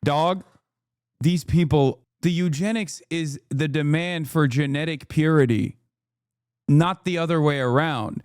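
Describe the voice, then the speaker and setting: Animated, high-voiced man ranting as a streamer. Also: clear, resonant tone, dry recording, studio quality. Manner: animated, profane, quick to laugh and rant. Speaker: streamer reacting to a video. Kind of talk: casual live reaction commentary.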